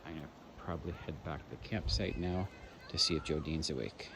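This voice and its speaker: A man's voice: rumbling low, fairly quick. A man from Canada in casual walking commentary, rambling and chatty as he describes a lakeside trail outdoors into a handheld camera. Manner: rambling, chatty, narrates what he sees while walking. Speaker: hiking vlogger. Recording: dull lo-fi outdoor recording with loud background noise.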